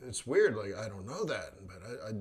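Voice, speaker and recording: A man's voice: fairly low pitch, very animated, a little fast, breathy edge. A man hosting a trading livestream in casual chat, rambling between topics, laughing often and acting out quoted voices. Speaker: forex trading livestream host.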